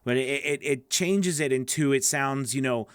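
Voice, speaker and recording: A man teaching voice acting in a loose, rambling way, with a slightly nasal, gravelly voice, often stopping to ask "okay?" or "right?". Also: mid-range voice, normal speed, a bit bright, dry recording, studio quality. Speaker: voice acting coach. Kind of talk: casual teaching to camera.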